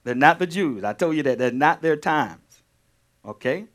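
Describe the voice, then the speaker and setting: A male pastor teaching a sermon, animated, repeating key phrases and firing questions at his congregation. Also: fairly high pitch, moderate pace.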